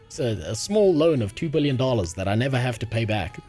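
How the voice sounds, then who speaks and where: A man's voice: medium pitch, animated, quick pace, warm tone, soft background music. A man from South Africa with a South African accent, streaming and chatting casually with his chat, crude and sarcastic, often laughing. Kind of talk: casual livestream chat, reading chat.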